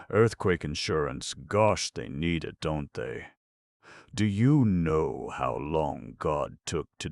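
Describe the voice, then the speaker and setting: Man doing a gravelly raving old tramp preacher. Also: extremely low pitch, no echo, clean studio sound, heavily acted. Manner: sing-song, mumbling then shouting. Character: rambling old male tramp preacher, half-mad.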